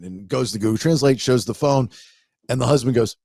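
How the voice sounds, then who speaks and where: A man's voice: mid-range voice, fairly quick, gravelly, darkish tone, no echo, studio quality. A man hosting a podcast, telling stories in casual chat and rambling with many restarts. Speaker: podcast host.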